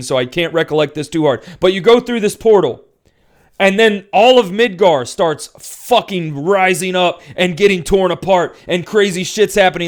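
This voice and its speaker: A young man in casual talk, ranting about a video game, swearing a lot and rambling with restarts. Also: high-pitched. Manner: profane, rambling, gets loud and excited.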